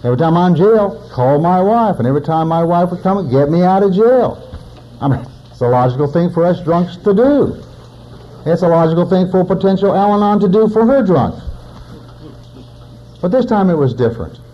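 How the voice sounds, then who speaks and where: A man's voice: sits high, big pitch swings, a little fast. Man in his forties telling a hard story, lo-fi. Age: 40s. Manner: plainspoken storytelling with wry humor. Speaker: recovering alcoholic speaker. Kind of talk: personal testimony talk.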